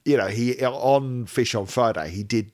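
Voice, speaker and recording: A man's voice: mid-range voice, a little slow, a little mellow. A man co-hosting a podcast in casual chat, rambling and joking, often cutting himself off mid-sentence. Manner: rambling, self-interrupting, jokey. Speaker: podcast co-host.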